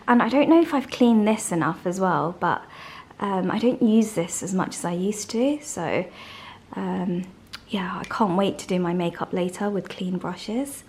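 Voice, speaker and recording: Give me a chatty woman vlogging at home, mid-pitched, with faint noise behind. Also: poor audio. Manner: chatty, rambling, soft-spoken. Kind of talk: casual vlog chat. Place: home interior.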